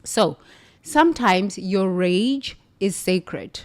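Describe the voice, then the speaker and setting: A woman from the United States, a former nun, telling a spiritual story in an emphatic, animated way. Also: medium pitch, drawn-out words. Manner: animated, emphatic, laughs between lines.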